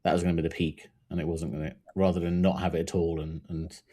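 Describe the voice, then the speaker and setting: Male podcast host, very low and dark, husky, halting questions. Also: flat delivery. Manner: halting, restarts questions often. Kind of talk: casual interview questions.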